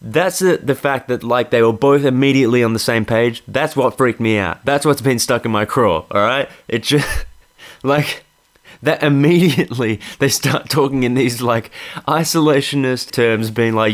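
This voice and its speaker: A man's voice: mid-range voice, normal speed. A young Australian man telling a comic story in a monologue, sweary, exasperated and laughing as he goes.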